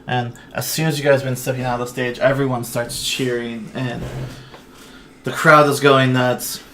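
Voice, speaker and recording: Casting: male game master, mid pitch, laid-back scene-setting, faint background noise. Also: normal speed. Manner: relaxed, descriptive, many fillers. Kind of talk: narrating a tabletop game. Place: home, online stream.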